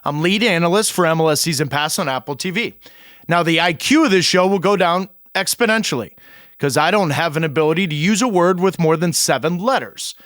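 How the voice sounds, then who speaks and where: An American man hosting a soccer podcast, joking and teasing in an energetic, casual way. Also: on the high side, fairly quick, dry recording, studio quality. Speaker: podcast host. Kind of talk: casual chat.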